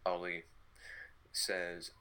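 A man's voice: low voice, monotone, very slow, bright, forceful tone, clear, resonant tone. A man co-hosting a casual podcast, offhand and hesitant, giving short replies. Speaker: podcast co-host. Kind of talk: casual chat.

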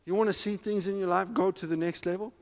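A man preaching a sermon, telling stories animatedly and acting out the dialogue with bursts of shouting. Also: sits high, fairly even intonation, fast talker. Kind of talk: sermon storytelling. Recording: long hall reverb.

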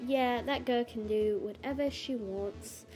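A woman's voice: fairly high pitch, a little slow, dark tone, faint music behind. A young woman co-hosting a podcast, telling a story in casual chat with lots of giggles. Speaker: podcast co-host.

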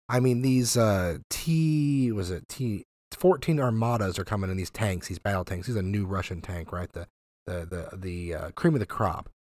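A man's voice: on the low side, no room sound. A man hosting a podcast, giving sarcastic, heated political commentary full of fillers and swearing. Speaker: podcast host.

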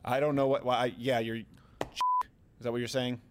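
A man hosting a comedy talk podcast, riffing in quick, joking banter. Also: mid-range voice, noisy background. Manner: animated, quick, joking asides. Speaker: host.

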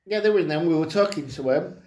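A chatty co-host rambles through an anecdote, full of "um"s and restarts. The voice sits at a middle pitch. The recording carries a noticeable room echo. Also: rapid-fire. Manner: rambling, animated storyteller with many fillers. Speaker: podcast co-host. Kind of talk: casual chat. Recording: roomy, echoey room sound.

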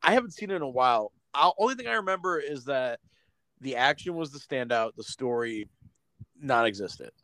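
Laid-back man, casual podcast chat, blunt, lively pitch, dry sound. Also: a little fast, no room sound. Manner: laid-back, says dude a lot, blunt. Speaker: podcast co-host.

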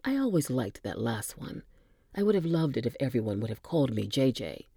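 Low, mellow woman reading a story. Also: very animated, fairly quick, slightly rough, dry recording, studio quality. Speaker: narrator.

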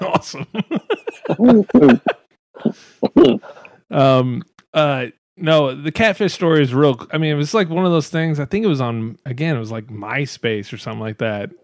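A man in his thirties hosting a casual podcast chat, telling stories in a profane, animated way, laughing often. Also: mid-range voice, no echo, clean studio sound.

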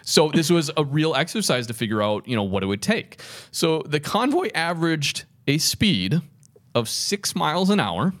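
Man, podcast co-host, relaxed storytelling, history notes, easygoing fillers. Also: fairly high pitch, moderate pace. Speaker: podcast co-host presenting the topic. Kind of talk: casual podcast chat, reading history notes.

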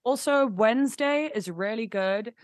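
A woman's voice: fairly high pitch, expressive, measured pace, dry recording, studio quality. A young woman musician talking as a guest in a casual interview, gushing and rambling with many fillers and restarts.

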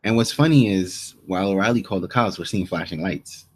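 Low-voiced man recapping a show. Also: a little fast, slight background noise. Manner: rambling recap with quoted lines and many restarts. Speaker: podcast co-host. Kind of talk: casual episode recap.

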